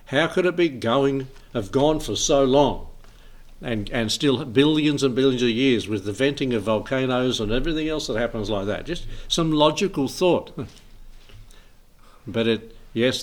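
A man leading an informal Bible study, rambling, chuckling often and reading scripture aloud. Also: medium pitch.

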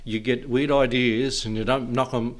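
A man's voice: medium pitch, fairly even intonation. Chuckling man preaching a sermon. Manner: chuckles often between phrases; reads scripture slowly with rising emphasis. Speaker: pastor. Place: church service.

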